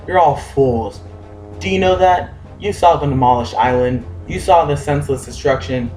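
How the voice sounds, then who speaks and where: A man's voice: mid-range voice, normal speed, darkish tone, roomy sound, faint music behind, natural voice. A man doing a bossy young pirate captain girl. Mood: stern. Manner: scolding, curt.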